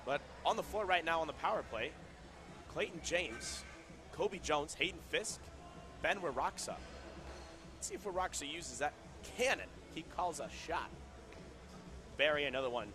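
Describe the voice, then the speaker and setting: Male play-by-play caller, casual and chatty, sudden excited bursts, raised pitch, over loud background music. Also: normal speed, pauses often. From Southern California. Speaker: play-by-play commentator. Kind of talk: live roller hockey commentary. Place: indoor roller hockey rink.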